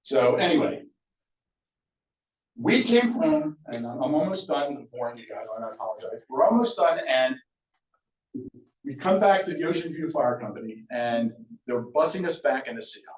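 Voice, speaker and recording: An older man from Sea Isle City, New Jersey, telling his own memories to an audience in a lively, conversational way, acting out the voices of people in his story. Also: medium pitch, moderate pace. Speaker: local speaker sharing memories. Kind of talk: public storytelling talk. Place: event room at a museum talk. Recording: roomy echo, mic far off.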